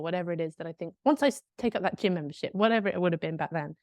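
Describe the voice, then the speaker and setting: A woman's voice: fairly low pitch, racing, hardly any pauses, a little mellow, no room sound, clean studio sound. Woman telling a candid story. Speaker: podcast co-host. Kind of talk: casual chat.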